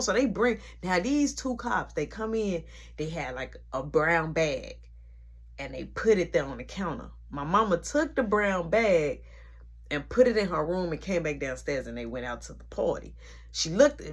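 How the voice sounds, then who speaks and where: A woman telling a story in an animated, slangy way, acting out each scene. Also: fairly low pitch, husky. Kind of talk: casual storytelling vlog.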